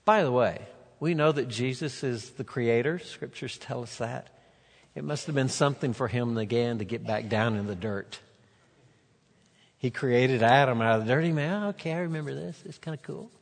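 A man preaching a sermon, retelling a scripture story with animated voices for the characters. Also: medium pitch, moderate pace. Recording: long reverb of a large hall.

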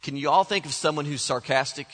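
A man preaching a sermon as pastor, animated, acting out the voices he quotes. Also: on the high side, quick pace. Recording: long hall reverb.

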